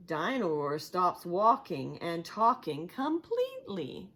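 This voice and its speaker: A woman reads a picture book aloud to young children the way a teacher would, with an expressive storytelling style. Her pitch is medium and her pace is measured.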